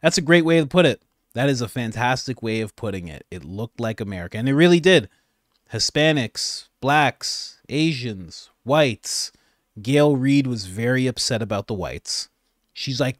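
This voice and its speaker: A man delivering casual commentary on news clips, sarcastic and excitable, with his pitch rising and falling a lot. He rambles and restarts mid-sentence. The sound is dry and close to the mic. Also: normal speed, no echo. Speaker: host, political commentator.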